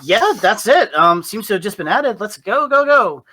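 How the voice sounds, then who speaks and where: Peppy little gnome boss, high and bright, rushing everyone, as a man puts him on. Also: big pitch swings, full character voice. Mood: hurried. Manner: hurried, brisk orders. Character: peppy middle-aged male gnome worker.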